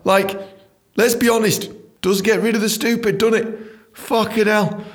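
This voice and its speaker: Male podcast host, high-pitched, profane and mocking comic rant. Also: unhurried. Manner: profane, ranting; animated, mocking. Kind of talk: comedic monologue.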